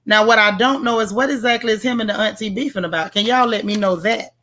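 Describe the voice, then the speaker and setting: A woman's voice: medium pitch, quick pace, pushed and bright, a little hiss or hum. A woman hosting a casual livestream, reviewing a TV show in a sassy, playful way and talking straight to her viewers. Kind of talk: casual livestream chat, reading viewer comments.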